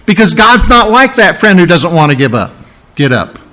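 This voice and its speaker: A man's voice: sits high, very animated, normal speed, pushed and bright. A male pastor preaching a conversational, emphatic sermon, often asking rhetorical questions.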